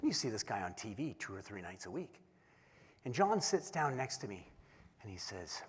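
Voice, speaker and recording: A man giving a keynote speech, telling an animated, self-deprecating story and acting out the voices in it. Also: mid-range voice, moderate pace, husky. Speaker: keynote speaker. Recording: long hall reverb.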